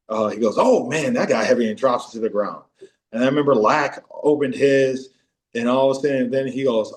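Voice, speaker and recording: A man in his forties, a former pro football player, telling animated stories as a podcast guest and breaking into high-pitched voices when quoting teammates. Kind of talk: casual storytelling interview.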